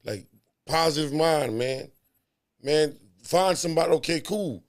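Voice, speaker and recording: A man's voice: fairly high pitch, expressive, measured pace. A man in a casual heart-to-heart talk, emphatic and preachy, repeating words to drive points home.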